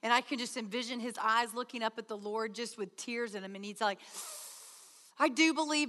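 High bright woman preaching in a hall. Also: fairly quick. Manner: earnest, acts out prayer dialogues with God. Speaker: retreat speaker. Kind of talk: sermon. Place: large hall. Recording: hall reverb.

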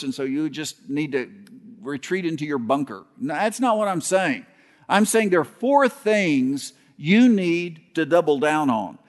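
Man, pastor, sermon, folksy storytelling, humorous asides, halting restarts, high voice, echoing hall. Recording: long hall reverb.

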